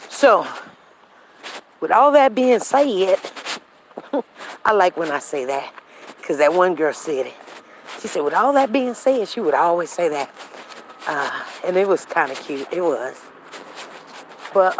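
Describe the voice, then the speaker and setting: A show host tells a personal story in a relaxed, meandering monologue, often restarting sentences and acting out conversations. The voice is mid-range, and the rough recording carries a little hiss or hum.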